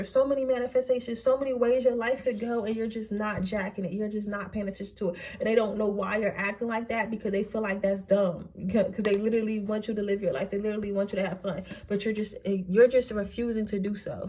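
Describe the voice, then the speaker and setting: A woman's voice: medium pitch, fairly even intonation, quick pace, few pauses, dark tone, breathy edge. A young woman giving a casual pick-a-card tarot reading, blunt, slangy and full of profanity. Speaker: tarot reader.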